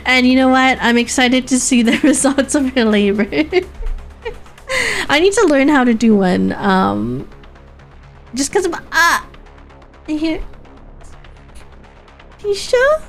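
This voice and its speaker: Giggly canadian-raised streamer lady chatting over a game, a bit high, soft music under it. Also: lively intonation, a little slow, pauses often. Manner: giggly, laughs often, restarts mid-sentence. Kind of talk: casual gaming stream chat.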